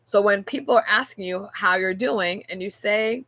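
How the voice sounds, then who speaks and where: Bright-voiced woman, earnest faith talk. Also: mid-range voice, moderate pace, creaky, dry recording. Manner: earnest, storytelling, rhetorical "right?". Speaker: podcast host. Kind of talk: casual faith-based reflective talk. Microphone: on camera.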